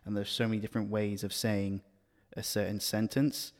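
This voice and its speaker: Man, low voice, flat delivery, casual chat. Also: moderate pace, long reverb tail.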